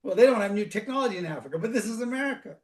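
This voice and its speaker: A man's voice: sits high, lively intonation, very fast, distant mic, pitched above the performer's own voice. A man voicing an indignant, scolding woman who calls in to a radio show.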